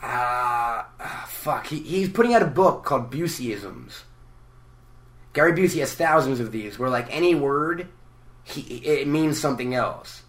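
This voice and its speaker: Energetic, bright-voiced man joking around. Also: mid-range voice, unhurried. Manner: energetic, joking, swears freely. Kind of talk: casual chat.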